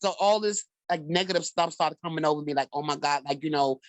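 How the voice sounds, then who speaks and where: A woman's voice: sits low, fast talker, dry recording, low-quality recording. A woman guest telling a personal story in a conversational way, with lots of "like" and "you know".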